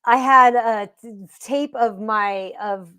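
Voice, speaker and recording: Rambling fifties woman, slightly high voice. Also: slow pace, smooth. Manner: warm, rambling storyteller with restarts. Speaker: co-host. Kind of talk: casual live chat.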